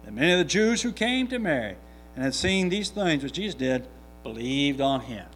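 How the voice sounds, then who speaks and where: A man's voice: a little high, very animated, moderate pace, fairly bright tone, faint music behind. A man reading scripture aloud and then preaching a sermon, earnest and emphatic, repeating his key points with frequent restarts.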